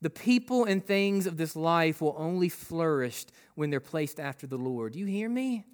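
Guy preaching a sermon, pretty high voice, chatty, acts out little quotes. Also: lively intonation, moderate pace. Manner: conversational preaching with acted quotes and rhetorical questions. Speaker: pastor.

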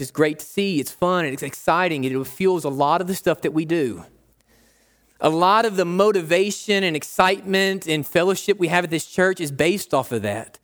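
High-voiced man preaching a sermon. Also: a bit bright. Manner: conversational preaching with repeated phrases. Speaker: pastor.

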